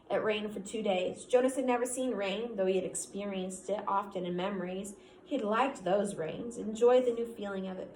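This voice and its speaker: Woman teacher, mid pitch, reads a chapter aloud at an unhurried steady pace, echoey room with faint background ambience. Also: slight background noise. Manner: reads steadily, stops to quiz the listener. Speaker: teacher reading aloud to a student. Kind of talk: classroom read-aloud of a novel.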